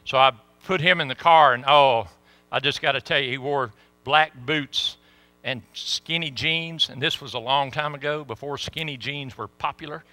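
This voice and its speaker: A middle-aged man telling a story in a sermon, folksy and animated. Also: mid-range voice, normal speed, no echo. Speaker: pastor.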